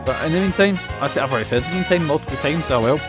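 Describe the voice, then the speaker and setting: A man's voice: fairly high pitch, expressive, rapid-fire. A man streaming a game, chatting casually, rambling with fillers and the odd swear. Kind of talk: casual live-stream chat. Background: game music.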